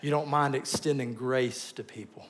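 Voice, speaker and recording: Animated preacher, loud then hushed. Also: male voice, mid-range voice, moderate pace. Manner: animated storytelling, swings between loud bursts and soft asides. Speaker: pastor. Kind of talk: sermon.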